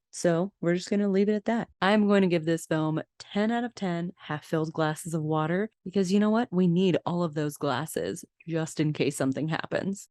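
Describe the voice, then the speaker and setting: A woman's voice: lowish voice, a little mellow, no room sound, studio quality. A woman hosting a casual podcast, narrating film scenes in detail with chatty asides. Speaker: podcast host.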